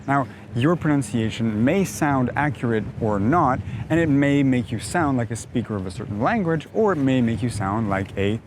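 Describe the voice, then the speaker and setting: A man's voice: medium pitch, lively intonation, noisy background. North American man coaching English pronunciation. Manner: measured, emphatic teaching delivery with frequent "now". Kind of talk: explanatory video lesson.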